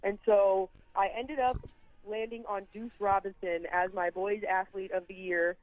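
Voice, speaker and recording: A woman sports journalist talks calmly on a radio show, walking through her choices with a few fillers. Her voice comes through a tinny phone line. Her pitch sits in the middle. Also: unhurried, no echo. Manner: calm, explaining with fillers. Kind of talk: casual radio interview.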